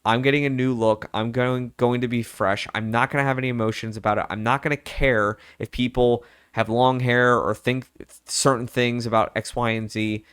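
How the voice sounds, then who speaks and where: A man's voice: medium pitch, steady tone, moderate pace, few pauses, a bit bright, clear, resonant tone, no echo, clean studio sound. A young man vlogging in a candid, rambling way, full of fillers and quoted thoughts. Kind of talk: personal casual chat.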